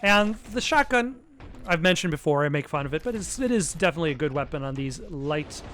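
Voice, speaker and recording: A man's voice: a little high, animated, brisk, fairly bright tone, a little hiss or hum. A man giving casual gameplay commentary, rambling and self-deprecating with lots of hesitant restarts. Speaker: let's play commentator.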